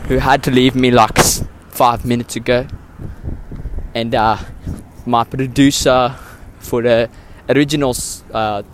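A man hosting a comedy podcast in a mock South African accent, telling absurd stories in a meandering, deadpan way, full of hesitations. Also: mid-range voice, unhurried, a little hiss or hum. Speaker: podcast host. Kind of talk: rambling comedic podcast monologue.

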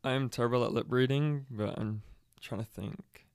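A man's voice: medium pitch, moderate pace, gravelly, smooth, no echo, clean studio sound. A young man from the UK, a podcast guest chatting casually and easygoing, giving short replies. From United Kingdom. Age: young adult. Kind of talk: casual chat. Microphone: studio mic, close.

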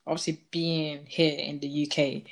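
Low-voiced woman host chiming in. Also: little pitch movement, normal speed, gravelly. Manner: affirming, chiming in with agreement. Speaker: podcast host. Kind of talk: casual interview chat.

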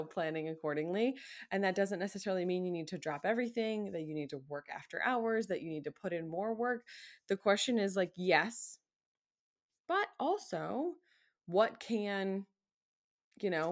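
A woman's voice: fairly low pitch, expressive, normal speed. A woman hosting a solo podcast, talking casually and emphatically as a coach and acting out the requests she quotes.

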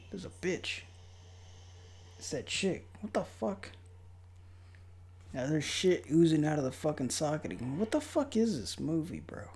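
A man's voice: fairly high pitch, vocal fry, breathy edge. Profane young man mocking a movie. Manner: profane, loud outbursts and mocking asides. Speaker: movie commentator. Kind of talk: casual movie commentary.

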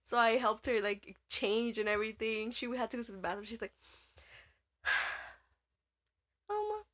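A woman's voice: on the high side, steady tone, quick pace, a bit bright. A young woman co-hosting a casual chat, telling family stories with lots of giggling and acted-out quotes. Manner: giggly storyteller, quoting family in voices, lots of "like". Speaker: podcast co-host.

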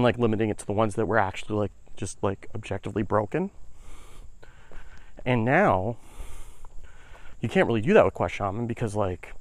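A man's voice: on the low side, no room sound. A man hosting a podcast, talking casually while walking uphill outdoors and slightly out of breath. He rambles, with lots of "like" fillers and "right?" checks. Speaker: podcast host. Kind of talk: casual explanatory podcast talk.

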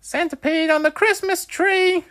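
A man voicing an excitable young boy who tells jokes, exclaiming and giggly, in a storybook reading. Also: extremely high pitch, measured pace, vocal fry, pitched above the performer's own voice, exaggerated voice. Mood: gleeful.

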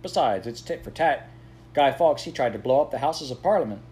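A man voicing an eager, excitable village boy who coaxes and pleads in an audiobook. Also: mid-range voice, brisk, voice pushed up, close to an everyday voice. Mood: coaxing. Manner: coaxing, pleading, then impatient. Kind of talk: audiobook character voice.

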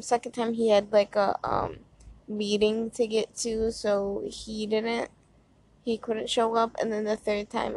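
A young woman tells a casual story with a slight lisp, since gauze is packed in her mouth. She rambles, full of "like" and "um", in a mid-range voice. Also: mid-range voice. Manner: chatty and rambling, many fillers. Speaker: podcast host. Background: fan noise.

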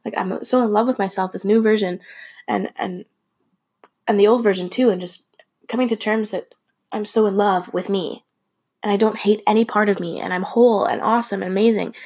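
A woman's voice: mid-range voice, steady tone, brisk, darkish tone, breathy edge. A young adult woman hosting a podcast, telling a personal story in a candid, emotional way, swearing and restarting as she goes.

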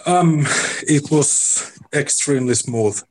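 A man answering interview questions casually, plain-spoken and hesitant, with many pauses and fillers. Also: fairly high pitch, darkish tone, poor audio. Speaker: musician guest.

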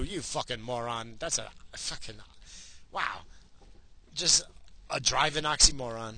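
A man's voice: medium pitch, unhurried, vocal fry, long pauses, sharp tone, a little hiss or hum, poor audio. A man in his forties hosting his own podcast, rambling and swearing through a casual rant. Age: 40s. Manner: profane, rambling, ranting. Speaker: podcast host.

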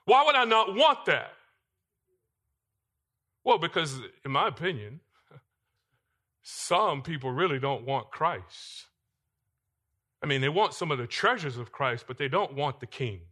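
A male pastor preaching a sermon in a church, swinging between loud emphatic lines and quiet asides. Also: mid-range voice, animated, a little slow, long pauses. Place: church sanctuary.

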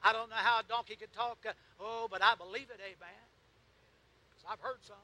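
High bright-voiced preacher. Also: male voice, steady tone, a little fast, slight background noise, poor audio. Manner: preaching with frequent "uh" and "amen", rising to loud fervent peaks. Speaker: pastor. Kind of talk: sermon.

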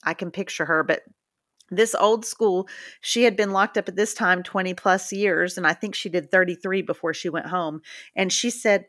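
A woman's voice: on the low side, normal speed, no echo, clean studio sound. A woman hosting a casual podcast conversation, telling stories animatedly and acting out what people said. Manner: animated storyteller who acts out quotes.

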